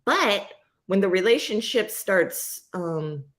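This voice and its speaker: A woman's voice: medium pitch, animated, slow pace, fairly bright tone. A woman hosting a casual live chat, talking candidly and ramblingly and swearing freely. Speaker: host.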